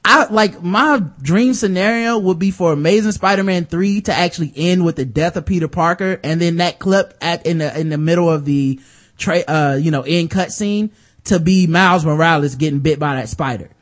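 A man in casual podcast chat, animated and profane, laughing often. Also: a little high, moderate pace. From United States. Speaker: podcast co-host.

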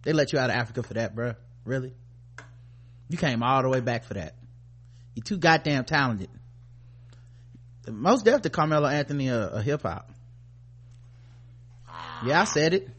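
A man co-hosting a podcast, ranting in a profane, animated, mock-outraged way. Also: medium pitch, moderate pace, pauses often, husky. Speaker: podcast co-host. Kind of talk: casual comedic rant.

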